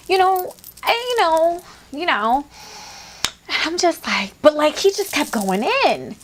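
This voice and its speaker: Young woman, storytime vlogger, high voice, very lively pitch, profane, casual, acts out dialogue. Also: measured pace, a little hiss or hum. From Latina. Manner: animated, profane, acts out both sides of conversations. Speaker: beauty vlogger.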